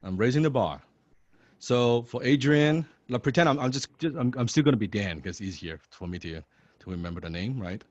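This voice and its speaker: A man's voice: mid-range voice, lively intonation, brisk, a little mellow, dry recording. Man, sales coach, casual, self-correcting, dry sound, slightly muffled call audio. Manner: chatty, self-correcting, explanatory. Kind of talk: sales training role-play.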